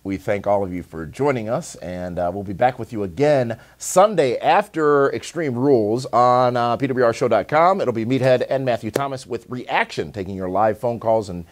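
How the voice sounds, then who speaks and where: A man hosting a wrestling talk show, reading viewer comments in a steady, wry manner. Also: medium pitch, normal speed, hardly any pauses. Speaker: host.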